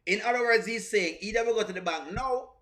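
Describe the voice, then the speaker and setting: A man's voice: high-pitched, fast, pushed and bright. A man with a strong accent hosting a live reaction stream, commenting animatedly on skits, repeating points and greeting his chat. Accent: strong non-standard English accent. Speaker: reaction channel host.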